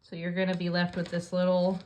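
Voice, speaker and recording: A woman with a somewhat low voice guides the listener through a paper craft project. She talks calmly and plainly, describing each step while her hands are busy with the work. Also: fairly quick. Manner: calm step-by-step instructions while working. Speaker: craft tutorial host.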